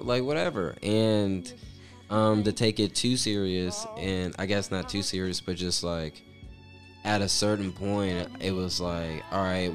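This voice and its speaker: A man chatting casually as a guest, telling stories in a rambling, profane way full of fillers. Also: on the low side. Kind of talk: casual storytelling chat.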